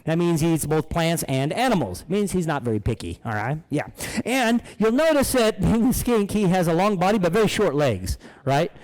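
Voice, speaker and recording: A man with a slightly high voice talks at normal speed on a low-quality recording. He shows live animals to children in a playful kids' show style, joking, animated and laughing often as he addresses them.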